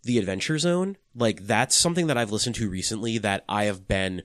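A young man with a somewhat low voice talks loosely on a podcast, stringing thoughts together with constant "like"s and casual swearing. The recording is dry and close, with no room sound. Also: a little fast, fairly bright tone, dry recording. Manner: rambling, lots of "like", swears freely. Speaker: podcast co-host. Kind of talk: casual chat.

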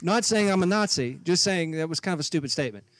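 A man's voice: a little high, animated, quick pace, dry recording. A man co-hosting a podcast, telling a story in casual chat and acting out both sides of an argument. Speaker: podcast co-host.

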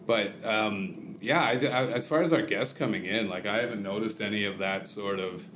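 Male host, lowish voice, halting, roomy sound. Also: a bit bright. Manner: hesitant, many fillers. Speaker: podcast host, restaurant owner. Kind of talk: casual interview chat. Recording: roomy with faint noise.

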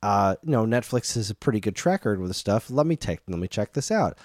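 Man, thirties, casual podcast chat, low voice, tangent-prone, dry close mic. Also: expressive, a little fast, no room sound. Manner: rambling, goes off on tangents. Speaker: podcast co-host.

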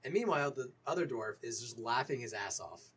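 A young man narrates a tabletop role-playing game as game master, his voice husky and breathy. He talks loosely and jokingly, pausing and restarting as he goes. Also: medium pitch, animated, fairly bright tone.

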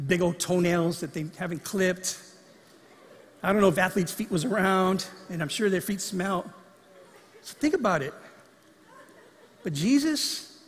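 A male pastor preaching a sermon in a church, lively and acting out the lines he quotes. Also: sits high, in a large hall. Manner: animated, acts out quoted lines. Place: church sanctuary.

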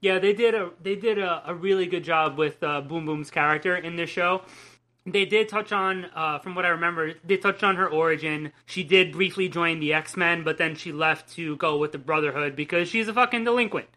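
Casting: woman co-host with a bright, forceful voice, chatty and swearing casually. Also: on the low side, fairly quick. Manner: enthusiastic, swears casually, acts out quotes. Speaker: podcast co-host. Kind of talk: casual chat recapping a cartoon episode.

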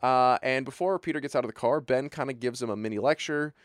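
A young man chatting casually as a podcast co-host, animated and full of filler words, acting out bits of dialogue. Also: medium pitch, quick pace, no room sound, clean studio sound. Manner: animated, lots of filler words, acts out lines. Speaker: podcast co-host recapping a movie. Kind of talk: casual chat.

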